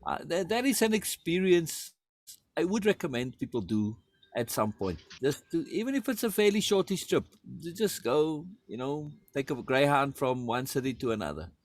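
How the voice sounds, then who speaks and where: Lively man chatting with frequent laughs. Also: fairly high pitch, moderate pace, dry recording. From outside the United States. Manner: animated, repeats words, laughs often. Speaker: podcast host. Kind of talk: casual conversation.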